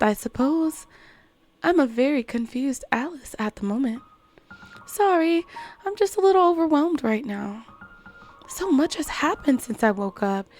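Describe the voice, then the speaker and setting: Rich: a woman playing a prim, bewildered young girl from a game, apologizing politely as she asks her questions. The voice is high and lilting, rising and falling widely. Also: a little mellow.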